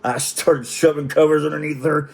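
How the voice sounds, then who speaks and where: A middle-aged man telling a comic personal story in a profane, animated way, acting out the quotes in different voices. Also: fairly high pitch, moderate pace, gravelly. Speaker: storytelling vlogger.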